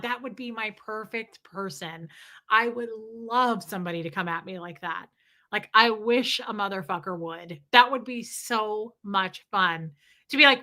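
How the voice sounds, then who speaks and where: A woman, ranting casually to her live stream chat and acting out the people she talks about. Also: medium pitch. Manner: animated, acts out people in quick quoted voices.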